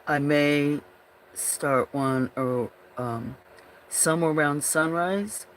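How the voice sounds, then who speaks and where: Slow, rambling, giggly woman streamer. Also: low-pitched, a little hiss or hum. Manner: rambling, slow, often breaks into giggling fits. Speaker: livestream host. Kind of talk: casual livestream chat with viewers.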